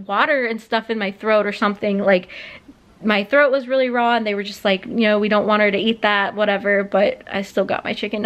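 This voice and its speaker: Woman in her late twenties, vlogger, higher-pitched, rambling story time, fillers, teary and emotional. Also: a bit bright. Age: late 20s. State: close to tears.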